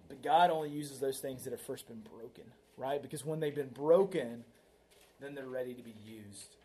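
A man's voice: medium pitch, normal speed, dark tone, a little hiss or hum. A man preaching a sermon in a conversational way, often tagging his points with "right?" and telling a story to make them. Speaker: pastor.

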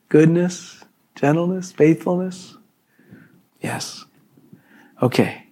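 Male pastor, slightly higher voice, conversational sermon delivery, checks in with the congregation, acts out dialogue. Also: mellow, slightly rough. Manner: conversational preaching with frequent "okay" and "right?" asides; acts out quoted exchanges with his neighbor. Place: church service before a congregation.

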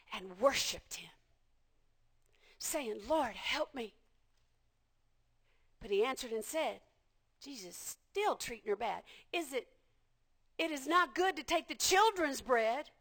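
A woman preacher delivering a passionate sermon, repeating phrases and building to shouts. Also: high-pitched.

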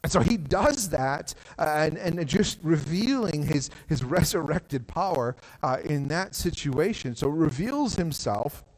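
A pastor preaching a sermon from a stage, talking in a conversational way with frequent "like" and quick restarts. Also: male voice, on the high side, expressive, long reverb tail, poor audio. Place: church stage.

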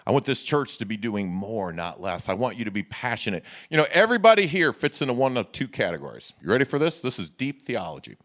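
A man's voice: lowish voice, big pitch swings, fast, hardly any pauses, a bit bright. A middle-aged man, a pastor preaching a sermon with folksy humor and rhetorical questions to the congregation.

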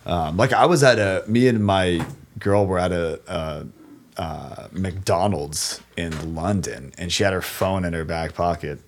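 A man's voice: low voice, unhurried, a little hiss or hum. A man co-hosting a podcast, telling rambling, laid-back anecdotes in casual chat.

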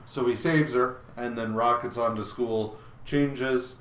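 A man co-hosting a casual comic book podcast, recapping issues in a halting way with many filler pauses. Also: medium pitch, steady tone, a bit bright, echoey room, a little hiss or hum.

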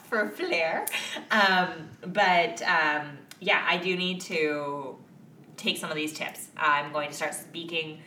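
A woman's voice: low voice, takes it slowly, pushed and bright, slight background noise. A woman co-hosting a podcast in casual chat, laughing often and swearing freely. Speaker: podcast co-host. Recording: echoey room, mic at a distance.

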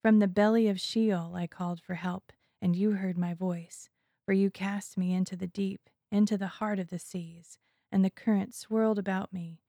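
A woman's voice: mid-range voice, fairly even intonation, normal speed, mellow, no echo, clean studio sound, natural voice. A woman voicing a repentant male prophet who speaks in a solemn, prayerful way.

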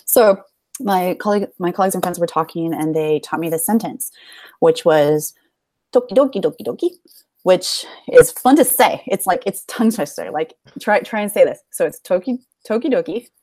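A young American woman with a slightly low voice tells stories in a bubbly, chatty way and laughs often. Her voice sounds dry and close, with no room around it. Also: moderate pace, a little mellow, dry recording. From United States. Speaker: podcast guest. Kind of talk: casual chat.

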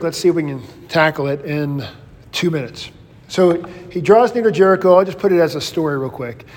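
Male pastor, slightly high voice, casual animated Bible study teacher, long room reverb. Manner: casual, animated storytelling with acted quotes.

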